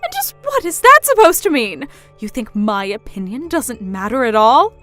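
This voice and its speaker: A woman's voice: on the high side, big pitch swings, normal speed, fairly bright tone, soft background music. A woman voicing a controlling middle-aged mother who mocks and belittles her daughter. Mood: scornful. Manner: mocking, belittling, pushy.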